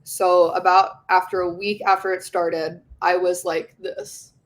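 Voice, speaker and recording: A woman's voice: on the low side, level tone, a little slow. Young woman, swearing, chatty storyteller. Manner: heavy use of "like" fillers; frequent swearing. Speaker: podcast guest. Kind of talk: casual conversational storytelling.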